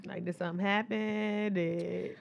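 A woman's voice: medium pitch, steady tone, a little slow, creaky, muffled recording, slight background noise. A woman hosting a podcast in casual chat, teasing her guest, cursing freely and laughing often. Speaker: podcast host.

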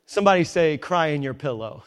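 A man's voice: fairly high pitch, lively intonation, a little fast, clear, resonant tone. Emphatic man preaching a sermon. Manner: emphatic, conversational, joking asides. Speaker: pastor. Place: church in New York.

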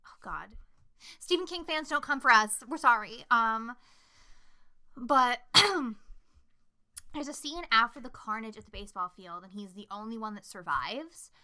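Bright, animated young woman chatting. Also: a little high, unhurried. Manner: swears freely, animated storytelling with shouted impressions. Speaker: podcast co-host. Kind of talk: casual movie chat.

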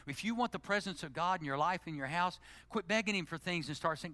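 A middle-aged male pastor delivering a sermon, swinging from loud, emphatic exhortation to hushed, intimate prayer. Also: sits high, fairly quick, few pauses, no echo. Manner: animated preaching, climbing to loud emphasis then dropping to hushed, intimate prayer.

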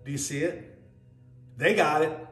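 A man preaching a sermon, teaching verse by verse with emphatic rises and low, quiet drops. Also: unhurried, reverberant, soft background music.

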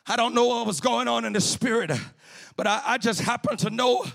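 A man preaching in a church sanctuary, chanting and shouting his sermon and tagging each phrase with a sung "uh". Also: very high voice, fairly even intonation, a little fast, creaky.

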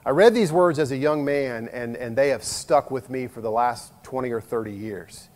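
A middle-aged man preaching a sermon as a pastor, earnest and conversational, moving between loud emphasis and hushed asides. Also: mid-range voice, moderate pace. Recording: long reverb of a large hall.

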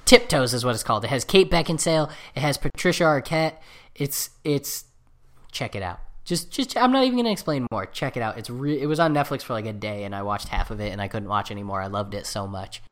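Excitable rambling man chatting. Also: mid-range voice, fairly quick. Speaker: podcast co-host. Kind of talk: casual chat. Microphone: computer setup with camera.

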